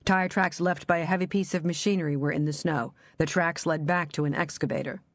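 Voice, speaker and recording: An audiobook narrator reading a thriller in an even, measured storytelling voice. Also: mid-range voice, no echo.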